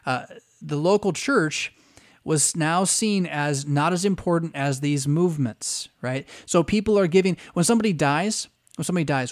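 A pastor giving a conversational teaching lecture, often checking in with his listeners by asking "right?". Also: on the high side.

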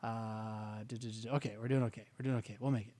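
A man's voice: fairly low pitch, little pitch movement, fast, warm tone, no room sound. A man giving conversational Bible teaching, rambling and self-interrupting, with wry asides.

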